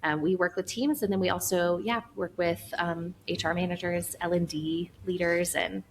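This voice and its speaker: A woman in her thirties, a guest on a podcast interview, talking in a chatty, animated way with lots of fillers and laughs. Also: fairly low pitch, normal speed, slight background noise, rough recording. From Florida. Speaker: guest, founder of an Enneagram training company.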